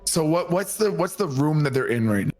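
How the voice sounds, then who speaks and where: A man's voice: fairly high pitch, animated, a little fast. A man playing a tabletop game, rambling as he describes what his character does. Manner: rambling, searching for words. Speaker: player.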